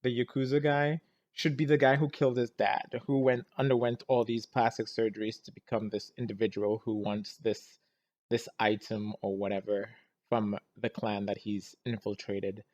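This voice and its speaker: A man's voice: lowish voice, little pitch movement, moderate pace, darkish tone, highs cut off. A man talking casually as he reacts to a movie, exasperated and rambling, often groaning and laughing at it. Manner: keeps restarting and saying "anyways, let's keep going".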